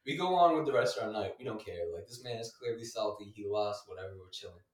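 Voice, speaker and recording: A young man telling a story in a casual chat, full of filler words, laughing often and going higher when he quotes people. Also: lively intonation, fast talker, roomy sound, distant mic.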